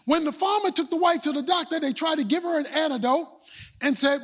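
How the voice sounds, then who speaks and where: A man preaching a sermon, telling a story and building to shouts. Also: extremely high pitch, brisk. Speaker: pastor.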